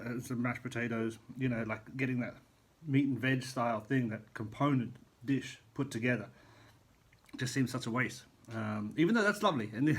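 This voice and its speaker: A man's voice: mid-range voice, a bit bright, breathy edge. A middle-aged man, a chef, chatting casually in a vlog from a hotel room, rambling and eating as he talks. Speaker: chef vlogger.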